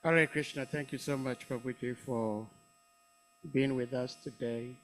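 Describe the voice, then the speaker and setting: A man's voice: mid-range voice, steady tone, unhurried, poor audio. A man moderating an online scripture class, politely thanking the speaker and inviting questions. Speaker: session moderator. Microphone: video call.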